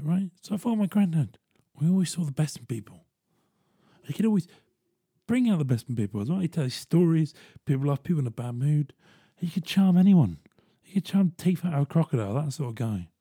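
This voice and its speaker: A young man telling a personal story in a casual, animated way, swearing freely. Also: medium pitch, brisk, breathy edge, dry recording, clean studio sound. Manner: animated, swearing, chuckling asides.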